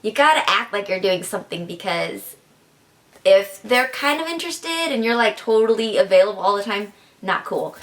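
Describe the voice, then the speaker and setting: A woman's voice: on the high side, expressive, normal speed. A young woman giving chatty, casual advice in a vlog, filling her talk with "like" and "kinda". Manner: chatty, filler-heavy with frequent "like" and "kinda". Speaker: advice vlogger.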